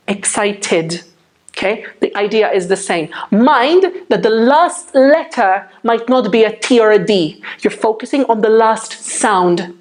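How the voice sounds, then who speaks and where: A woman teaching English pronunciation in a patient, clear classroom manner, checking in with her viewers often. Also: mid-range voice, darkish tone. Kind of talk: slow, clear classroom explanation.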